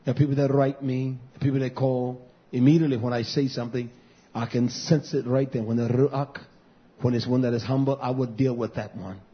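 Husky impassioned preaching man. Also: mid-range voice, steady tone, a little fast. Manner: impassioned preaching that swings between loud and hushed. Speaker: pastor. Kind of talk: sermon to a live stream. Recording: dull lo-fi recording.

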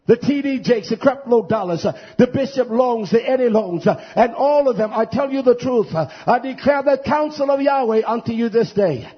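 A man with a strikingly high, breathy-husky voice delivers a fiery sermon. He drags out his emphatic phrases and fills the gaps with "uh". The recording is dull and lo-fi. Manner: fiery preaching, stretched emphatic phrases with frequent "uh". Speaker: preacher.

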